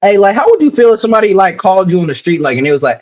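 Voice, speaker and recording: A man's voice: sits high, very animated, rapid-fire, darkish tone, muffled recording. A young man from Dayton chatting casually on a podcast, teasing and slangy. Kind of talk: casual chat.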